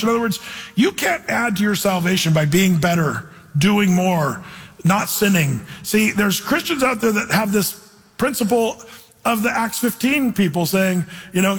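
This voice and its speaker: Guy preaching in church, high husky voice, casual and earnest, lots of echo and a bit of music behind. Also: normal speed, fairly bright tone. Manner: earnest, informal, quotes scripture and acts out voices. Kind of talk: conversational sermon.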